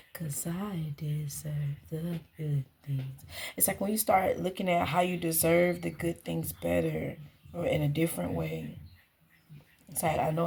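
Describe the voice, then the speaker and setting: A woman's voice: fairly low pitch, gravelly, a little mellow, a little hiss or hum. A woman working as an astrological guide, talking in a casual, earnest spiritual reflection and repeating her phrases as she muses.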